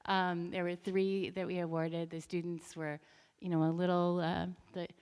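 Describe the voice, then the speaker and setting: Woman, low mellow voice, enthusiastic, chatty, meeting hall echo. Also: level tone, normal speed, smooth. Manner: enthusiastic, chatty, many fillers. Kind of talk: public meeting report. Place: school board meeting room.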